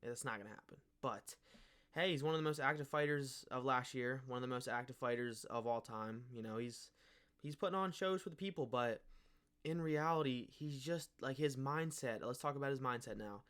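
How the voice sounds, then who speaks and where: A man's voice: medium pitch, normal speed, fairly bright tone, smooth. A young man giving casual, mocking commentary on fighters, full of slang and swearing. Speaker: MMA commentary YouTuber.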